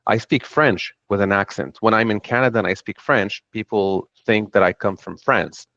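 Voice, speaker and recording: A man's voice: lowish voice, steady tone, normal speed, a bit bright. A middle-aged man from Lebanon with a Lebanese accent, speaking earnestly on a panel about his own path. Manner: earnest, reflective storytelling. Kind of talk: panel talk. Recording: dull dry sound.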